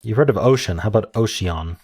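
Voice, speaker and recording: Low-voiced man muttering through puzzles. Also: lively intonation, fairly quick, a little mellow, slightly rough. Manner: muttering, hesitant, many ums, self-amused. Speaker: word game streamer. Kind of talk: thinking aloud while solving puzzles.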